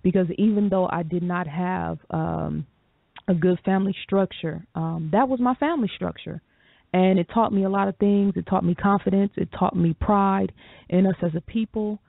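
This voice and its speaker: A woman with a gravelly, creaky voice co-hosting a talk radio show, speaking in a thoughtful, measured way with frequent pauses. She sounds like she is on a tinny phone line, close and dry. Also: fairly low pitch, no room sound. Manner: reflective, measured, frequent ums.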